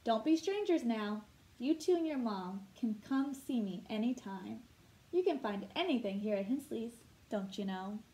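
A kindly old shopkeeper in a read-aloud storybook, gentle and folksy, as a woman voices him. The voice stays fairly high and soft-spoken. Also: lively intonation, measured pace, reverberant.

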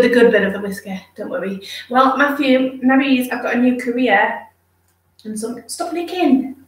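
A fairly high-voiced woman chats casually to her viewers while grooming her dog, slipping into cooing baby talk for the dog. She sits back from the mic in a roomy space. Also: distant mic. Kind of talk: casual live chat with viewers.

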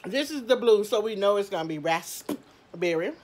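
Woman food vlogger, casual and candid, talks to viewers like friends, mid-pitched voice. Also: animated, normal speed, a little mellow. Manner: chatty and candid, talks to viewers as "y'all", mild cursing.

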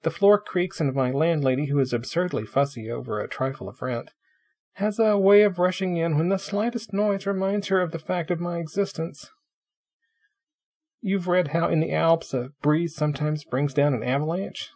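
A man voicing a pompous, cheerful young male logician who talks in a lofty, wordy, mock-solemn way, with a husky voice. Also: a little high, normal speed, a little mellow. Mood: cheerfully teasing.

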